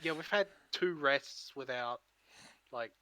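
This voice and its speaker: A man playing in an online tabletop game, thinking out loud about tactics with the group. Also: medium pitch, animated, slow, no echo. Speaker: player. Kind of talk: tabletop game chat on a voice call.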